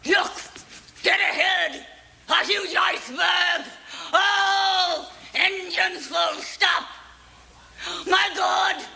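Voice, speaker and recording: A woman acting in a campy TV drama as a psychic channeling a panicked male sailor, shouting shrilly. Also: extremely high pitch, extremely slow, vocal fry, some chatter behind, heavily acted.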